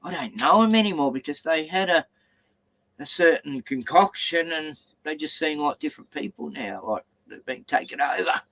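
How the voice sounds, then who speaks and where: A man's voice: a little high, lively intonation, moderate pace, creaky, a bit bright. A man with an Australian accent chatting casually, rambling and stammering as he tells stories and swears. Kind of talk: casual chat.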